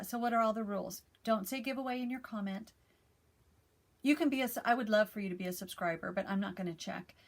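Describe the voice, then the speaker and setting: A woman chatting casually to camera as a cross stitch vlogger, rambling and emotional. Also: fairly high pitch.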